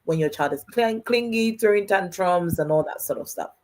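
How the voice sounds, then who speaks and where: A woman hosting a livestream panel, brisk and pressed for time, with hesitant fillers. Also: lowish voice, animated, darkish tone, rough recording. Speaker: host.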